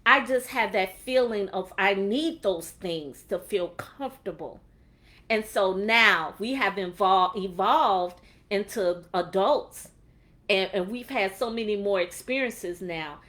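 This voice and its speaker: A woman giving a faith-based motivational talk on a livestream, animated and preachy, acting out quotes along the way. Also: mid-range voice, takes it slowly. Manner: animated, preachy, laughs often, acts out quotes. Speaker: motivational speaker.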